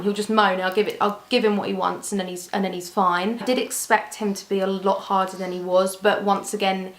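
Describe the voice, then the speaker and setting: A woman's voice: mid-range voice, a bit bright. Chatty young woman, echoey room. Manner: chatty, candid, restarts often. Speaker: vlogger. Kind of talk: casual chat to camera.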